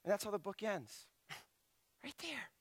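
A man preaching a sermon, swinging from loud, impassioned pleading to quiet, hushed asides. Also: high-pitched, big pitch swings, measured pace, slightly rough, dry recording.

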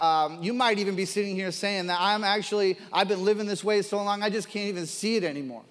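High-voiced pastor preaching in echoing church. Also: male voice. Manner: earnest, building to emphatic preaching. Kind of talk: sermon. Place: church sanctuary.

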